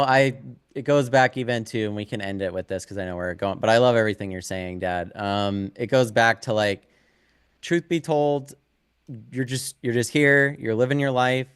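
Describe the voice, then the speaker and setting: A man's voice: fairly low pitch, clean tone. A young man co-hosting a podcast, talking reflectively in casual conversation. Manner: reflective, thoughtful. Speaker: podcast co-host.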